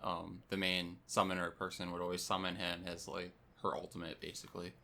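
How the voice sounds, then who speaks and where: A man co-hosting a casual gaming podcast, easygoing but getting loud and exasperated when retelling raid moments. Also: low-pitched, monotone, brisk, creaky. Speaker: podcast co-host.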